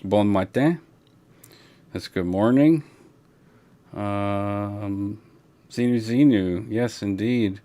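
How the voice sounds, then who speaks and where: Slow, relaxed man chatting on a livestream. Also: fairly low pitch. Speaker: livestream host. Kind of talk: casual livestream chat. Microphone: broadcast console setup.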